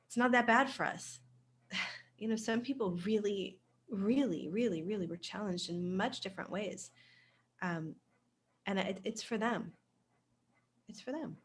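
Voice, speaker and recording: A woman in casual podcast chat, talking animatedly, laughing often and acting out quoted voices. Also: medium pitch. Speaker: co-host.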